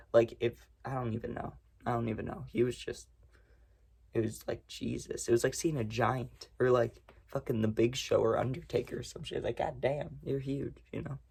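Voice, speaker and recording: A man's voice: medium pitch, creaky, darkish tone, breathy edge. A young man casually telling a rambling, profane story to his viewers. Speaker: storytime vlogger.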